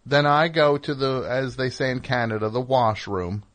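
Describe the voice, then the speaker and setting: A man's voice: mid-range voice, normal speed, fairly bright tone. A middle-aged man hosting a call-in radio show, telling rambling, wry, self-deprecating stories and chatting with callers. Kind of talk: casual monologue and call-in chat.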